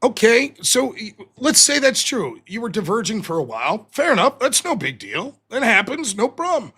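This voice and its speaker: High, bright-voiced male streamer. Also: breathy edge. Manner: animated, exasperated, quick to mock. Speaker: livestream host. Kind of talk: casual live-stream talk.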